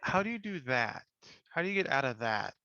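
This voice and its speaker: A man's voice: medium pitch, very animated, brisk, bright, forceful tone, no echo. A man playing a tabletop game, speaking hesitantly with stammering restarts. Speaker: player. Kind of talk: casual chat at a tabletop game. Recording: dull lo-fi mic.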